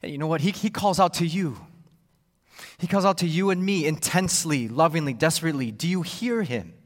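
A man preaching a sermon, expressive and repetitive, acting out the voices he quotes. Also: fairly high pitch, a little fast, big-room sound. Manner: expressive, acts out quoted voices, repeats words. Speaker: pastor.

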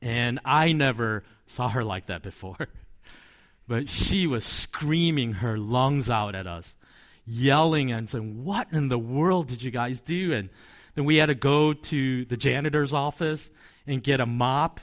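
A man's voice: medium pitch, unhurried, fairly bright tone. A man, a pastor, preaching a sermon in a conversational, storytelling way with asides and light chuckles.

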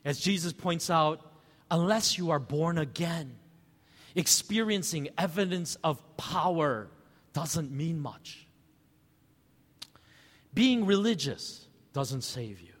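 Animated pastor preaching in echoey hall. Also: male voice, fairly high pitch, slow pace, long pauses. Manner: conversational, animated preaching with rhetorical questions. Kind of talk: sermon.

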